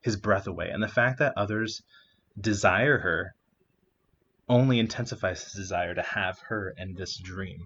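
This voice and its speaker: A man's voice: deep voice, normal speed, fairly bright tone, dull audio, a little hiss or hum. A young man casually discussing a novel, chatty with many fillers, sometimes acting out quotes. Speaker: discussion partner.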